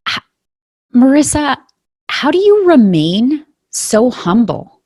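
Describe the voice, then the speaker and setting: A woman host asking her guest questions in a slow, gentle way. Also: sits high, sing-song. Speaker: interviewer host. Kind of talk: interview questions.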